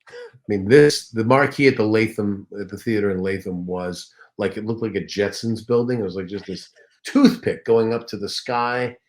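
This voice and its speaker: A man, a comedian and voice actor, telling anecdotes as a guest in a casual interview, lively and animated. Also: on the low side, normal speed.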